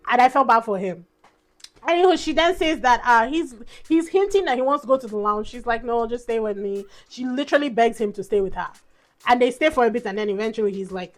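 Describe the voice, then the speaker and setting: A young woman giving a casual, exasperated recap of a dating show, with laughing asides. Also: fairly high pitch. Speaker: reality show reviewer.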